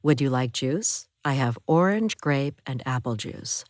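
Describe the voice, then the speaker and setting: A calm nurse soothing a patient after surgery, as a woman narrator reads her. Her voice is low and gentle, and she speaks at an unhurried pace. The sound is close and dry. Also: dry recording. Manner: soothing, reassuring.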